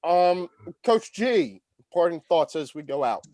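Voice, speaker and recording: A man's voice: on the high side, expressive, measured pace, a little mellow, no echo. A man hosting a casual soccer podcast roundtable over a video call. He is jokey and keeps the segment moving. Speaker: podcast host.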